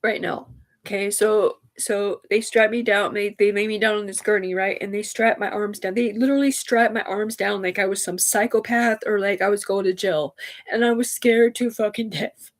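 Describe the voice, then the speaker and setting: A woman's voice: medium pitch, fairly even intonation, normal speed. A woman livestreaming, telling a personal story in a rambling, profane way that often turns emotional.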